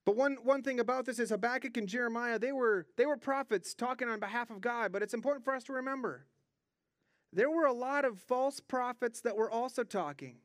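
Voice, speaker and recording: A man's voice: very high voice, a little fast, no echo, clean studio sound. A young man preaching a sermon, earnest and conversational, often repeating words as he stresses a point. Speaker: pastor.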